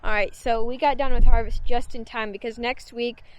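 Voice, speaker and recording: A woman in her thirties talks straight to a handheld camera on a windy farm, chatty and plain-spoken as she walks through the day's work. Her voice sits a little high. A soft outdoor hiss runs under it. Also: steady tone, normal speed, rough recording. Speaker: farm vlogger, host. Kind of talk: casual vlog narration.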